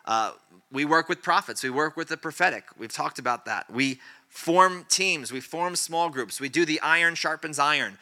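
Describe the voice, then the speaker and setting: A man preaching a sermon as pastor, exhorting the congregation with repeated phrases and rising emphatic passages. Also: moderate pace. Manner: builds to loud, high-pitched emphatic preaching; repetitive, exhortative phrasing with restarts.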